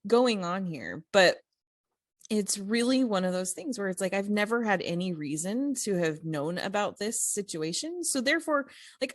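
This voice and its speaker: Low-voiced woman telling a story. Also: no echo, studio quality. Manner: animated, many fillers and restarts. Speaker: podcast co-host. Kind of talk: casual conversational storytelling.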